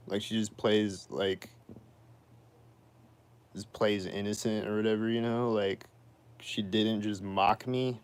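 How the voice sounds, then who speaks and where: A man's voice: lowish voice, level tone, slow pace, long pauses, clear, resonant tone. Aggrieved man ranting on a livestream. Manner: aggrieved, repetitive, questioning. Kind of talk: livestream rant.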